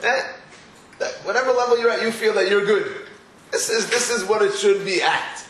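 A man's voice: sits high, normal speed, fairly bright tone, echoey room, a little hiss or hum, low-quality recording. A man, giving a weekly Torah class. He poses rhetorical questions and breaks into storytelling asides. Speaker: Torah teacher.

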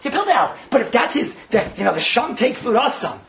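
Guy teaching torah class, fast talker, laughs a lot, voice swings all over. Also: extremely high pitch, creaky, slight background noise. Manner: animated, laughing as he talks.

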